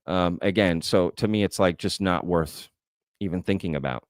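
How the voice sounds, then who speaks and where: A man's voice: low-pitched, moderate pace, dry recording, clean studio sound. A man hosting a livestream Q&A, thinking aloud in a conversational way and often tagging his points with "right?". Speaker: host. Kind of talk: livestream Q&A, reading chat comments.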